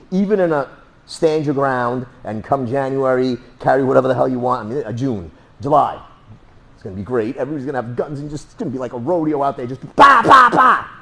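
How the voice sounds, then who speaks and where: A man's voice: mid-range voice, a little mellow, a little hiss or hum. A man teaching a self-defense class, blunt and joking, who swears casually and makes sound effects while he demonstrates moves. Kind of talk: hands-on class instruction.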